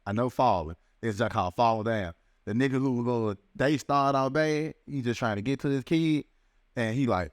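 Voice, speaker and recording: A man's voice: mid-range voice, lively intonation, dry recording, clean studio sound. A man, co-hosting a podcast and telling rambling, profane stories with many halts. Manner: rambling storyteller, profane and halting. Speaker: podcast co-host. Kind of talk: casual podcast chat.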